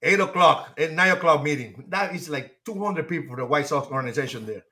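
Guy in his 60s, high bright voice, cussing and cracking up through old ballpark stories. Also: a little fast. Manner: animated, profane, laughing at his own stories. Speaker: guest, former baseball manager. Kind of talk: casual storytelling.

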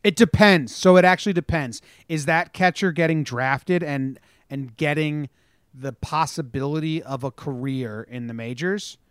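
A young man co-hosting a podcast in casual sports chat, talking in an animated, storytelling way and swearing freely. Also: a little high, normal speed, clear, resonant tone, no room sound, studio quality. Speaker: podcast co-host.

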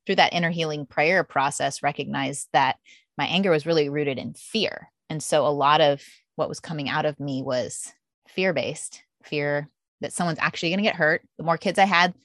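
Lively mom talking with a low voice. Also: female voice, normal speed, no echo, studio quality. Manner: animated, acts out her own inner thoughts in quotes. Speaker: guest author, mother. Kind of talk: podcast conversation.

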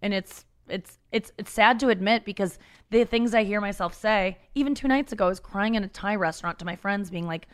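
A woman's voice: mid-range voice, a little fast, smooth. A woman talking candidly as a comedian guest in a podcast conversation, frank and self-deprecating, rambling with many restarts.

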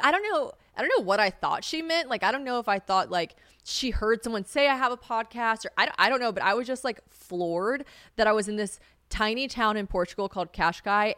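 A woman's voice: a bit bright, no echo, clean studio sound. A young woman hosting a casual solo podcast, chatty and swearing freely, often acting out what others said. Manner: chatty, swearing, laughs, acts out quotes in a high voice. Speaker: podcast host.

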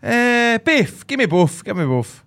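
A man bantering and guessing, jokey and excitable, swearing freely. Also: very high-pitched, measured pace. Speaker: blindfolded guest guessing identity. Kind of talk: casual banter.

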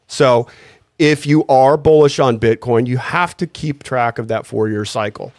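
A man's voice: medium pitch, measured pace, a little mellow, dry recording, studio quality. A man co-hosting a podcast, talking in a loose, profane, joking way. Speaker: podcast co-host. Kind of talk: casual chat.

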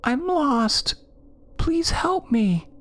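A man voicing a creature that mimics a lost little girl, whimpering and pleading in a drawn-out way. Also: very high-pitched, very animated, pitched above the performer's own voice, full character voice.

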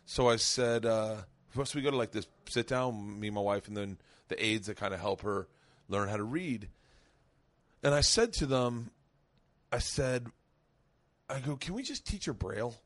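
A man's voice: on the low side, measured pace, pauses often, a bit bright. A middle-aged man hosting a podcast, telling a profane story in casual chat and acting out the quotes as he goes. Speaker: podcast host.

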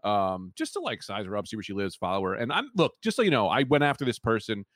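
A man's voice: lowish voice, huge pitch swings, fast talker, fairly bright tone, no room sound, clean studio sound. A man hosting a podcast, telling an improvised comic story in a rambling, casual way and switching voices for the people he quotes.

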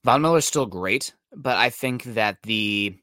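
A man co-hosting a sports podcast, talking football in a quick, analytical way with frequent fillers. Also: mid-range voice, sharp tone, no room sound, studio quality. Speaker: podcast co-host. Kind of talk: casual sports talk. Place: Seattle area.

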